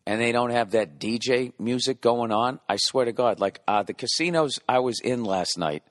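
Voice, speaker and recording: A man's voice: mid-range voice, moderate pace, a bit bright, no room sound, clean studio sound. Profane rambling man in his forties. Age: 40s. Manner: profane, rambling, self-interrupting. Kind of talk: rambling comedic monologue.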